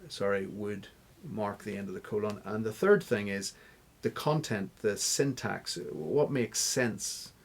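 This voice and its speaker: A man's voice: on the low side, expressive, unhurried. A man answering interview questions as a guest scholar, explaining step by step like a teacher. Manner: teacherly, stops to spell out examples.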